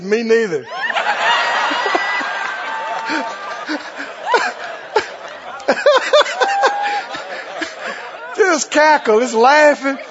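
An older man preaching a sermon, telling stories in a folksy, animated way that swings from quiet to hollering. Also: very high voice. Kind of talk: sermon with storytelling. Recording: dull echoey hall recording.

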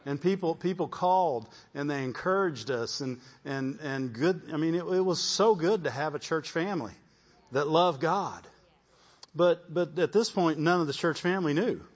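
A man's voice: fairly high pitch, normal speed, dull audio. A man preaching a testimony sermon, repeating his words and calling out "Amen?" to the congregation. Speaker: pastor.

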